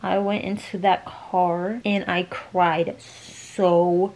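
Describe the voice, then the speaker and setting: Creaky-voiced young woman, chatty and emotional. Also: lowish voice, flat delivery, a little slow, darkish tone. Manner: chatty and emotional, slangy, fillers of "like". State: weepy, just cried. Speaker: vlogger. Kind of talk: casual storytime chat to camera.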